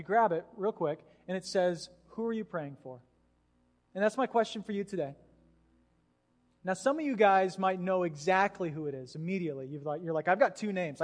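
A pastor preaching a sermon, telling a story with lively acted-out voices. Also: male voice, high-pitched. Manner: animated storyteller, acts out voices. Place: church hall. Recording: hall reverb.

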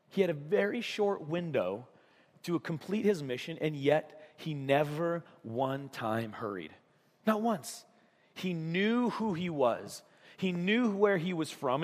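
A man's voice: sits high, big-room sound. A man preaching a sermon as a pastor in a casual, conversational way. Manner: conversational, acts out voices in stories. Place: church.

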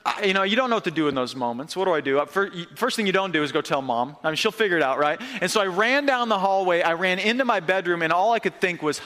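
In a church hall with long reverb, a young pastor from upstate New York preaches a sermon, telling his story in a lively, conversational way. His voice sits high, bright and forceful, moving quickly with hardly any pauses.

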